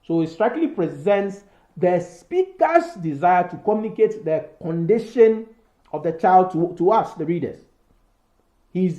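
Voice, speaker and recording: A man's voice: sits high, mellow, echoey room. A male teacher explaining poetry form and rhyme schemes, filling his talk with "so" and "you know" and restarting words. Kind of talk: recorded poetry lesson.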